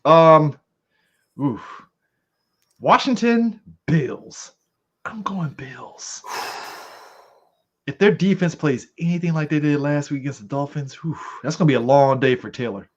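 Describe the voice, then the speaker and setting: A man's voice: on the high side, animated, a little slow, long pauses. A man co-hosting a casual football podcast, laughing often and listing his picks with lots of ums. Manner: laughs often, hesitant fillers. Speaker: podcast co-host. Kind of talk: casual sports chat. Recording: dull lo-fi mic.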